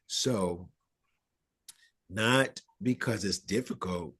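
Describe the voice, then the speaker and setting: A man's voice: low-pitched, husky. A man teaching a live class on spiritual ideas, talking in a conversational way, checking in with his listeners and acting out everyday quotes. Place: room with a live audience.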